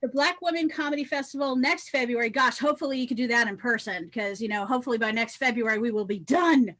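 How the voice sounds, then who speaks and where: A woman hosts an online comedy show, her voice high and bright. She sounds bubbly and eager as she introduces each comic. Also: fast talker. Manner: bubbly, cheering, laughs a lot. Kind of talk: introducing comics on a live stream. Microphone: video call.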